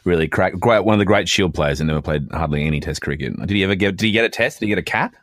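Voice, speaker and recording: A man's voice: deep voice, very fast, dry recording, studio quality. A man co-hosting a podcast, chatting casually with wordy, mock-formal asides. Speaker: podcast co-host. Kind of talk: casual chat.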